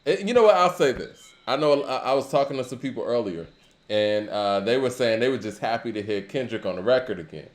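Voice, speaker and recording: A man's voice: mid-range voice, lively intonation, a little fast, roomy sound. A man co-hosting a casual talk show, musing conversationally with lots of filler phrases. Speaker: podcast co-host. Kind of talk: casual hip-hop discussion.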